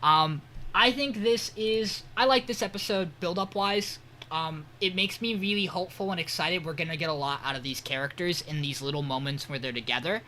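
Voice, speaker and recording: Man, podcast co-host, casual recap, lots of ums, swears freely, bright and forceful tone. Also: a little high, moderate pace, a little hiss or hum. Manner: loose, profane, filler-heavy storytelling. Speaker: podcast co-host reviewing anime. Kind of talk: casual episode recap chat.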